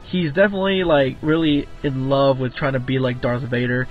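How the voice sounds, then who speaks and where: A man's voice: mid-range voice, steady tone, fairly quick. A man giving a casual, rambling film review, full of fillers, restarts and swearing. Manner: rambling, filler-heavy, profane. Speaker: movie reviewer. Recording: tinny phone-like audio with faint music.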